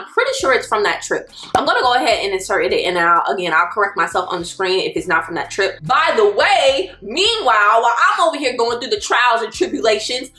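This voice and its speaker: A woman, telling a personal story as a vlogger in an animated, exasperated way. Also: a little high, roomy sound. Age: 20s. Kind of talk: storytelling vlog.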